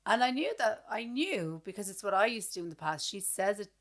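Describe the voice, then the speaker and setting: A blunt Irish woman in her thirties co-hosts a casual podcast chat. She tells her stories with plenty of energy, slipping into the voices of the people in them. Her voice sits at an ordinary middle pitch for a woman. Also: fairly quick. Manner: blunt, animated storytelling with acted-out quotes. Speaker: podcast co-host.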